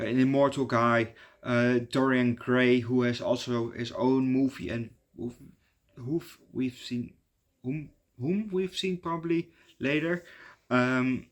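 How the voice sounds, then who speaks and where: A man talks through a film review in a loose, offhand way, trailing off and restarting his sentences often. His voice sits at an ordinary middle pitch, and the tone stays conversational throughout. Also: fairly bright tone. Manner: rambling, many fillers and restarts. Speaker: movie reviewer. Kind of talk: casual movie review.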